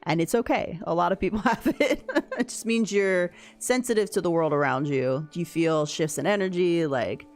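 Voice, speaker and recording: A woman's voice: fairly low pitch, normal speed. A woman chatting casually with her viewers while playing a game, laughing often as she talks. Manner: chatty, laughs often, reads and answers chat. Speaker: game streamer. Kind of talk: casual chat while gaming.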